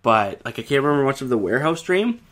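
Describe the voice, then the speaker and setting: A man's voice: mid-range voice, very animated, fast, fairly bright tone. A man co-hosting a podcast, telling a ghost story in casual chat, rambling with lots of fillers and swearing. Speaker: podcast co-host.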